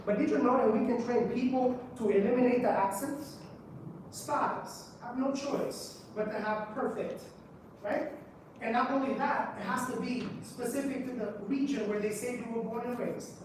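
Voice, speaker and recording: A man presents at a conference, quizzing the room with rhetorical questions as he teaches. His voice comes from a distance in a very echoey hall, with steady background noise underneath. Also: very high-pitched, normal speed. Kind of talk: lecture to a live audience. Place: public library meeting room.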